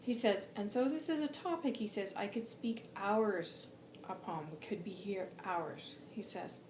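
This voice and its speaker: Slow earnest woman relaying a spirit. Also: mid-range voice, roomy sound, background noise. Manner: unhurried, earnest, repeats "he says" and drops into soft whispers. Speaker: intuitive reader channelling a spirit guide. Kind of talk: channelled reading relayed with frequent "he says".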